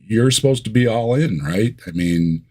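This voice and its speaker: A man who is a guest on a casual livestream chat, speaking in a wry, slow and deliberate way with dry asides. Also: medium pitch, animated, mellow, husky.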